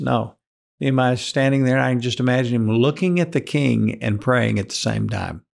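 Gravelly-voiced man preaching a sermon. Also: medium pitch, normal speed, darkish tone. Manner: earnest, asks the listeners direct questions.

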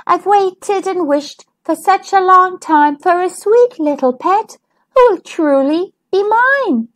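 A woman's voice: extremely high pitch, expressive, slow, pitched above the performer's own voice, exaggerated voice. A woman voicing a hopeful little girl fairy in a children's storybook, sweet and earnest. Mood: wistful.

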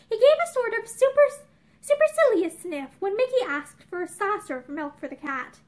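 High-voiced young woman reading a novel. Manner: expressive, with small restarts. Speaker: reader of a novel. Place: indoor room with bookshelves.

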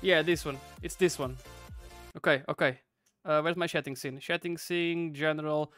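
A man's voice: on the high side, fairly even intonation, moderate pace, fairly bright tone, faint music behind. A man streaming live, chatting casually and reacting to a video, repeating words back.

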